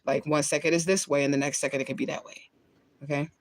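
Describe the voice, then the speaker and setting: A woman's voice: low-pitched, steady tone, quick pace. Rambling, cussing woman on a livestream. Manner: rambling, profane, laughs often; talks while lighting and smoking. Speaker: spiritual reader on a livestream. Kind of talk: casual livestream chat.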